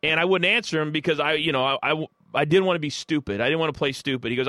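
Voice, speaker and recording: A man's voice: a little high, quick pace, sharp tone, dry recording, studio quality. A man from Kansas City, a guest on a sports talk show, telling stories in a rambling, enthusiastic way with many fillers. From Kansas City, United States. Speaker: guest, former sports broadcaster. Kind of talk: casual interview storytelling.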